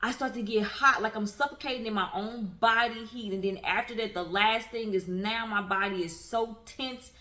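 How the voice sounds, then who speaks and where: A woman's voice: a little high, normal speed, few pauses, sharp tone. A woman in her thirties talking candidly to camera as a vlogger, earnest and emphatic, repeating phrases to drive them home. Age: 30s. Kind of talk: candid personal talk to camera.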